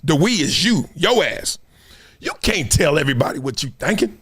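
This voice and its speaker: Animated high-voiced man riffing on sports. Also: moderate pace, breathy edge. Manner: animated, acts out quotes in other voices, laughs often. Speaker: sports commentary host. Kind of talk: animated solo sports commentary.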